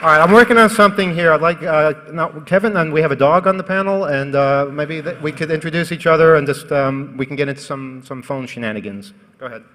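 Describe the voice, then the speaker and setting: A man's voice: on the high side, fast talker, bright, forceful tone. A man moderating a live conference panel, casual and joking as he rallies the audience. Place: conference hall stage. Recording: echoey hall with faint crowd.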